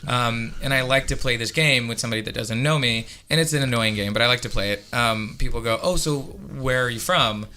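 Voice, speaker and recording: A man's voice: medium pitch, fast talker, hardly any pauses, sharp tone, slight background noise. A Romanian man with an American-sounding accent whose first language is Romanian. He is a comedian who chats casually and tells stories, acting out the other people in them. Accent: American-sounding English. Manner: chatty storyteller, acts out dialogue. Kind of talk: casual podcast chat. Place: comedy club.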